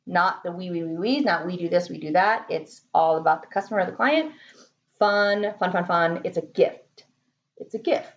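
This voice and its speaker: A woman's voice: on the low side, moderate pace, lo-fi sound. A woman marketing consultant talking casually in a vlog from her home office, chatty, laughing often and repeating words for emphasis.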